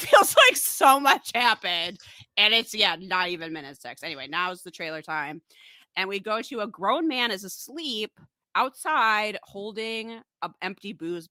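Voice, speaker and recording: A woman tears through a movie plot in a casual podcast recap, sarcastic and swearing freely. Her voice is bright and swings widely in pitch. The sound is close and dry. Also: dry recording. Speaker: podcast co-host. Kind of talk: casual comedic film recap.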